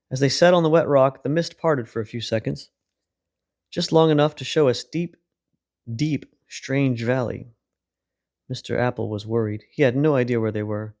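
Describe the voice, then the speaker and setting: A man hosting a podcast, reading a children's storybook aloud in a calm, unhurried way. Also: medium pitch. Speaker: podcast host and reader.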